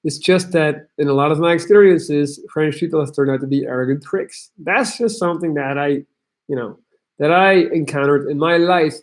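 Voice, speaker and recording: A young man with a fairly high-pitched voice hosts a livestream advice show. He reads viewers' messages aloud and answers in a blunt, crude, tough-love way throughout. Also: moderate pace. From Belgium. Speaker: host.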